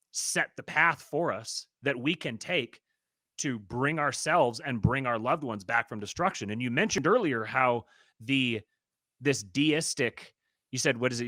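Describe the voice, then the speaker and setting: Bright-voiced earnest male host. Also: mid-range voice, normal speed, dry recording, clean studio sound. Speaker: podcast host. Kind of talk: casual theological discussion.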